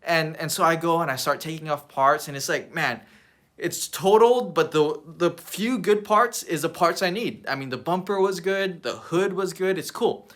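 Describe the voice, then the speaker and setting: Bright-voiced man preaching with animated energy. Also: fairly high pitch, moderate pace. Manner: animated, repeats words while telling a story. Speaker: youth pastor. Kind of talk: sermon storytelling.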